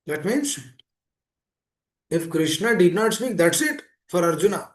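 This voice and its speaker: A man's voice: high-pitched, big pitch swings, a little slow, pauses often. A man giving an earnest sermon, often repeating phrases and asking rhetorical questions. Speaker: speaker giving a scripture class.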